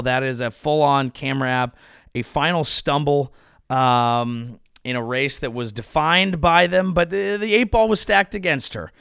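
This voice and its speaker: A male comedian hosts his show with rambling, crude riffs, constantly interrupting himself. His voice is on the high side, a bit bright and smooth, recorded dry with clean studio sound.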